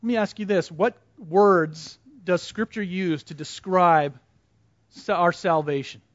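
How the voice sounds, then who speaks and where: A man's voice: high-pitched, measured pace, dry recording, lo-fi sound. A man teaching a Bible study class in a conversational way, putting questions to the group and repeating their answers back to them.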